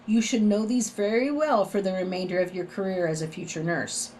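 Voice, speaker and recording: A woman's voice: mid-range voice, steady tone, a little fast, a little mellow, slight background noise. A middle-aged woman with a Southern US accent, giving a recorded nursing lecture in a conversational way, often adding "right?" to her points. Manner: conversational, frequent "right?" tag questions. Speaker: nursing instructor.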